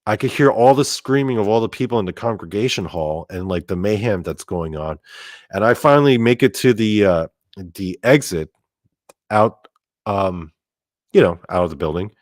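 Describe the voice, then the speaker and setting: Low-voiced man rambling through a story. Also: animated, normal speed, no room sound, clean studio sound. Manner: rambling, filler-heavy, swears freely. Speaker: podcast host. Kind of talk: casual storytelling.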